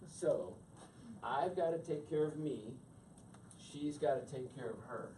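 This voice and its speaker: A man's voice: medium pitch, animated, a little slow, mellow. Man teaching a couples' class, heard from afar. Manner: conversational, quizzes the audience. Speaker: marriage workshop speaker. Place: meeting room with an audience. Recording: distant mic with background noise.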